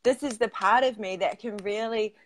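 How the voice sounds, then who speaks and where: A woman's voice: medium pitch, moderate pace. A woman, a tantra coach, telling a personal story in a casual way, with lots of fillers and frequent laughter. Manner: chatty, filler-heavy, laughs often.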